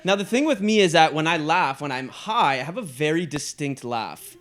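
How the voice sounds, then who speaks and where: A young man from Canada with a high voice that climbs and falls a lot. He tells stories with a loose, animated delivery, swearing and breaking into laughter as he co-hosts a casual podcast chat. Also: moderate pace. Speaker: podcast co-host.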